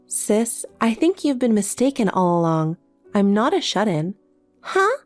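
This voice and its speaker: A synthetic woman's voice playing a calm, cold younger sister in a text story, with faint music behind. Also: medium pitch, unhurried, no echo. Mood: matter-of-fact. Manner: cold, matter-of-fact.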